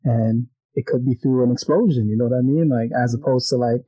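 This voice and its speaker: A man's voice: mid-range voice, brisk, mellow, no echo, rough recording. A male host who is a teacher, chatting casually and often adding "man" and "you know what I'm saying". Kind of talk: casual conversation.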